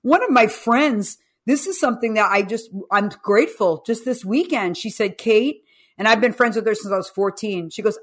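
A woman's voice: a little high, normal speed, slightly rough. A woman in her fifties, a guest coach and author, telling stories with animation in a podcast interview and acting out the voices she quotes. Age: 50s. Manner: animated storyteller who acts out quoted speech.

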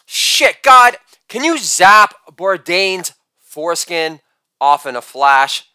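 A man in his forties doing stand-up one-liners from home, punctuating each joke with a shouted catchphrase. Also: a little high, animated, slow pace, clean tone, no room sound. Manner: punchy joke delivery with a shouted catchphrase after each bit. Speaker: stand-up comedian.

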